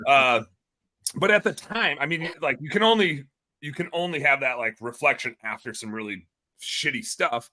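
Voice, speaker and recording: With a medium-pitched voice at a normal speed, a thirtysomething entrepreneur guesting on a podcast comes across as energetic and excitable. He swears casually as he talks.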